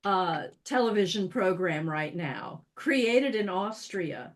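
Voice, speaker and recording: A woman's voice: medium pitch, expressive. A woman, a voice actor, chiming in emphatically during a casual interview. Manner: quick to chime in, emphatic. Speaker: voice actor guest.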